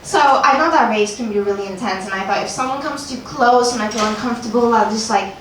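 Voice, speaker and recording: A woman's voice: a little high, fast talker. A young woman from Turkey performing a stand-up comedy set in a comedy club, delivering her punchlines in a dry, offhand way with little chuckles. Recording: very echoey, distant room sound with noise.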